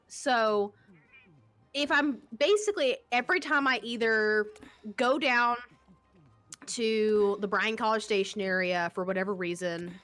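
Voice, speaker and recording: A woman from East Texas chatting casually with friends during a game stream, animated and rambling, laughing often. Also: medium pitch. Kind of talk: casual chat while gaming on stream.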